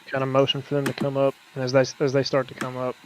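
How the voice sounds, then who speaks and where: Chill guy playing d&d, talks through his moves slowly. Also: medium pitch, slight background noise. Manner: relaxed, thinks aloud while declaring actions. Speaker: player. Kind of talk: casual tabletop play.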